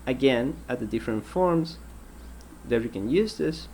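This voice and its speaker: A man teaching an English grammar lesson, patient and explanatory, repeating example sentences and pausing with ums. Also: medium pitch, expressive, dark tone, slight background noise.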